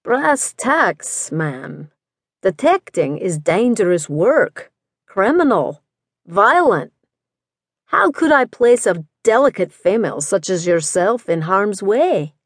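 A woman voicing a skeptical male Scottish detective chief with a blunt, measured, dismissive manner in an audiobook. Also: mid-range voice, very animated, no room sound, studio quality, exaggerated voice. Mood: probing.

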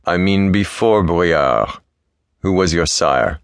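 A male narrator voicing a stern Viking warlord who speaks low, measured and commanding. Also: lively intonation, clean tone, no echo, clean studio sound, full character voice. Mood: probing.

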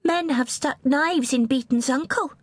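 A woman voicing a spirited little girl queen who speaks boldly and flares up fast. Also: sits high, dry recording, voice pushed up. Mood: curious. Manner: bold, quick to flare.

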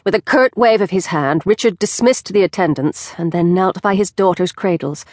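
Reading scripted audiobook narration, a woman with a lowish voice tells the story in a measured, expressive manner. The recording is dry and clean, made in a studio with a close-placed mic.

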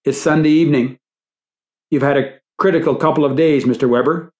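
A man voicing a calm hospital nurse who speaks in a quick, soothing, matter-of-fact way. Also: fairly high pitch, natural voice. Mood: reassuring.

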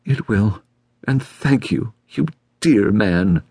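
A man's voice: fairly low pitch, animated, takes it slowly, darkish tone, slightly rough, no echo, clean studio sound, voice pushed up, full character voice. A man doing a frail, quivering old woman. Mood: grateful. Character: frail, tearful elderly woman. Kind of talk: audiobook character voice.

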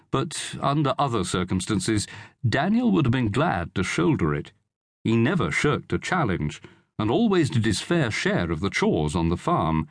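A man narrating a historical novel as an audiobook reader, in a measured, expressive storytelling manner. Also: lowish voice, no echo, studio quality. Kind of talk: scripted narration.

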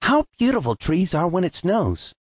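Man doing a little boy tree, raised pitch, earnest and wistful, storybook audiobook. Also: wildly swooping pitch, moderate pace, no room sound, clean studio sound, heavily acted. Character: small hopeful young male tree.

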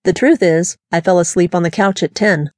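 A woman's voice: on the low side, moderate pace, dry recording, clean studio sound, lightly acted. A woman voicing a sly, defiant wife of a suspect who talks in a mocking, teasing way.

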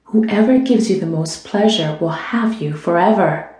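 A woman voicing a seductive male lover of a duchess in an audiobook, speaking low and urgent. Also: normal speed, dark tone, lightly acted. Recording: roomy echo.

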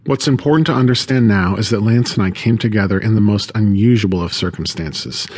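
Male audiobook narrator, lowish voice, steady first-person reading. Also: brisk.

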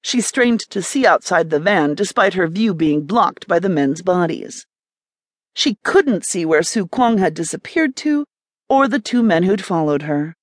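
A woman narrating a romance thriller audiobook in an expressive, scripted reading. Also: fairly low pitch, a little slow, no room sound, clean studio sound.

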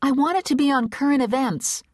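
A woman voicing an eager, pushy young woman reporter who talks quickly and pleadingly. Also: high voice, darkish tone, no room sound, studio quality, voice pushed up, lightly acted.

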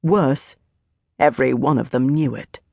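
A woman narrating an epic fantasy audiobook in a steady, measured way. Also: very deep voice, creaky, no echo.

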